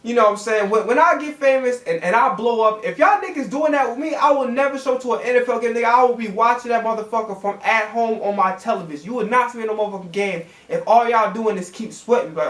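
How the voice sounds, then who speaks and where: A man ranting profanely as a sports reaction vlogger, exasperated and swinging his pitch up and down as he talks. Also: quick pace, few pauses, a bit bright, echoey room.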